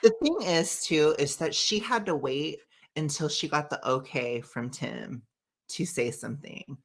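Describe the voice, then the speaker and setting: A woman's voice: sits low, expressive, a little slow, gravelly. A woman co-hosting a casual chat show, emphatic and opinionated, laughing often. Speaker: co-host.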